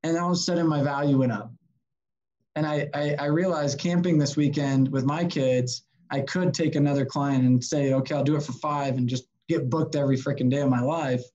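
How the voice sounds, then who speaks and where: A man's voice: medium pitch, fairly quick, dull audio. A man, a podcast guest and sales consultant, telling stories casually and acting out the voices of people he quotes, with some swearing. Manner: animated, swearing, acts out quoted dialogue. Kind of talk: casual storytelling interview.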